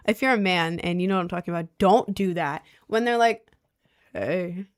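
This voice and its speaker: A young woman livestreaming, chatting casually with her viewers in a rambling, animated way with lots of "like" and laughter. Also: on the low side, brisk. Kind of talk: casual livestream chat reading viewers' messages.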